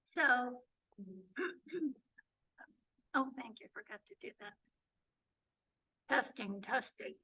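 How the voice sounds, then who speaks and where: A high-pitched woman from the Detroit area presents to her club in an unhurried, chatty way, full of ums and restarts. Her voice is bright but going hoarse, and it is picked up from across a meeting room. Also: expressive. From Detroit area, Michigan. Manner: chatty, many fillers and restarts. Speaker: presenter and journey coordinator. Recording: voice picked up from a distance.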